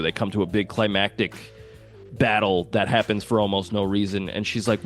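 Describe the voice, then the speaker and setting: Podcast co-host, male, animated casual chatter with faint music under it. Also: on the low side, moderate pace. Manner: animated, swears, acts out quotes. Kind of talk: casual movie chat.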